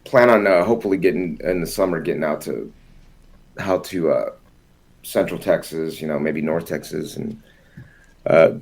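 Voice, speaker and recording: Man, deep gravelly voice, husky, tired musician chatting casually. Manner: relaxed, halting with restarts. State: tired, yawning. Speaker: guest musician. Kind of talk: casual interview chat.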